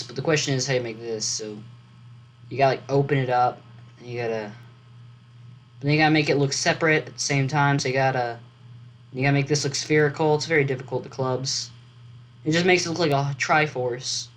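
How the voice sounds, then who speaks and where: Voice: mid-range voice, fairly even intonation, brisk. Voice rambling through a vlog. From United States. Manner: meandering, self-correcting, thinking aloud. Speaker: writing vlogger. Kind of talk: casual rambling vlog commentary. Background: loud computer fan hum.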